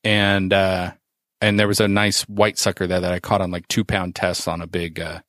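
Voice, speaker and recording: A man's voice: sits low, level tone, moderate pace, fairly bright tone, no echo, studio quality. A man hosting a podcast, rambling casually with many fillers and reading out a news story. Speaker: podcast host.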